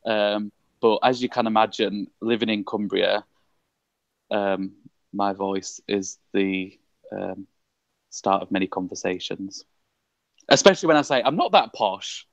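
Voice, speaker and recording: A man's voice: on the low side, measured pace, gravelly, dry recording. A young man from Leeds with a posh English accent, a councillor chatting in an interview over a video call, articulate and self-deprecating, laughing often. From Leeds, England. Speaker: councillor guest. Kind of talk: casual interview chat.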